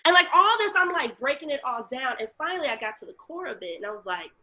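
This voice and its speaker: A woman tells her own story in an interview, with a bright voice pitched a little high. She is animated and acts out other people's voices, then drops low and quiet on painful memories. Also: fast, a little hiss or hum. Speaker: guest, lactation educator. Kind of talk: candid personal storytelling in an interview.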